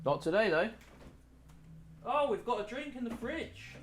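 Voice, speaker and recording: A man's voice: extremely high pitch, very animated, unhurried. Rambly self-mocking uk guy streaming a game, voice bounces all over the place, bit of music behind. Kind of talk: casual live-stream commentary.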